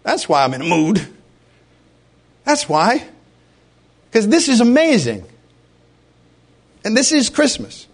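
A man's voice: high voice, wildly swooping pitch, slow, long pauses, husky. A man preaching a sermon with passion, firing rhetorical questions at his congregation. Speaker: pastor.

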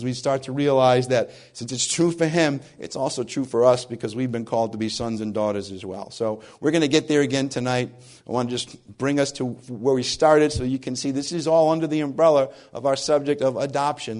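Hoarse froggy new england pastor guy preaching, earnest, gets emphatic. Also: medium pitch, darkish tone. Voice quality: froggy, husky. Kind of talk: sermon.

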